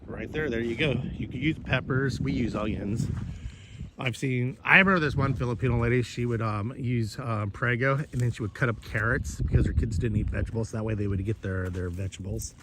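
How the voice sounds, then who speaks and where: A man's voice: medium pitch, brisk, heavy background noise. A man chatting casually while he cooks, rambling and cursing, with many restarts. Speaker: vlogger and host.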